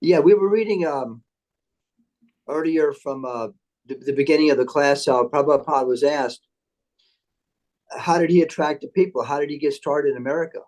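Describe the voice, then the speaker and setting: A man giving a religious class, reading scripture aloud and commenting in a halting way with fillers. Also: fairly high pitch, darkish tone, low-quality recording. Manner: halting, with many fillers and restarts between readings. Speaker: guest speaker.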